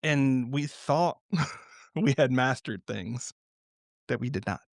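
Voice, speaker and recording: A man of ordinary pitch talks as a podcast guest, drifting between reflective thoughts and lively little stories. He laughs often as he explains things. The recording is close and dry, with no room sound. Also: slow pace, no echo. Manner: reflective, animated storytelling with frequent laughs. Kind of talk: unscripted podcast conversation.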